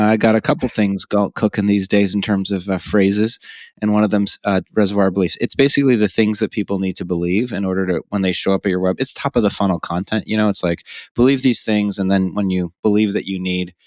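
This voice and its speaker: A man with a low voice hosts a business podcast in a casual, joking way. He hands out frank advice between teasing remarks. The sound is close and dry. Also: a little mellow, no room sound. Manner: joking, offers blunt unsolicited advice. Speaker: podcast host.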